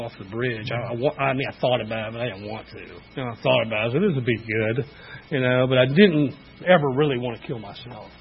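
A man's voice: mid-range voice, slightly rough, lo-fi sound. A middle-aged man giving a candid, rambling personal testimony at a recovery meeting, full of "you know" fillers. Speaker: speaker sharing recovery story.

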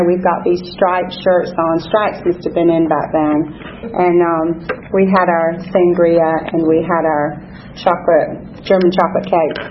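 English-born woman, fifties, Southern-tinged accent, candid testimony full of ums, dull lo-fi sound with a faint hum behind. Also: on the low side. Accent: English, softened by years in the American South. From England. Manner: candid, conversational, many ums and self-corrections. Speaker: speaker sharing her recovery story at a meeting. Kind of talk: personal testimony to a group.

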